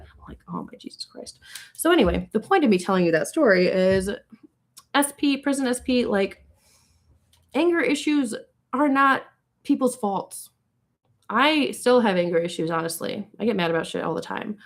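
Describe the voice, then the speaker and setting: Chatty, candid woman reading tarot live. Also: mid-range voice. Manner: chatty, candid, swears freely. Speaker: tarot reader on a livestream. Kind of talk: casual livestream chat.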